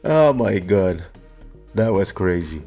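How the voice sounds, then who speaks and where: A man hosting a podcast, chatting casually as an animated storyteller who laughs often. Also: low-pitched. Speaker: podcast host. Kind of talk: casual chat.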